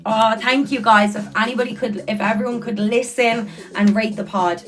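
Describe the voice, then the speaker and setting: A woman's voice: a little high, steady tone, normal speed, faint music behind. A young woman, hosting a casual livestream and reading out viewer comments in a chatty, earnest way, repeating words for emphasis. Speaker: livestreamer and podcast host.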